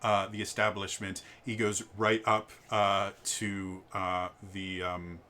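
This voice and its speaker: A man's voice: low voice, level tone, takes it slowly, sharp tone, slight background noise. Stammering man running a tabletop game. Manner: stammering, many fillers. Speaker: game master.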